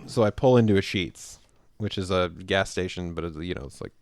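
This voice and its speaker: Low-voiced man telling a story. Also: brisk, dry recording. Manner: animated, acts out quoted lines, laughs often. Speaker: podcast co-host. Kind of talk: casual storytelling chat.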